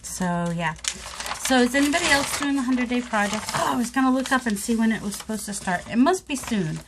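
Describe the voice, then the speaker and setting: A woman's voice: a little high, animated, fairly quick, background noise. A woman chatting casually to viewers in a crafting vlog, rambling and self-mocking while she works at her table. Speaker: craft vlogger.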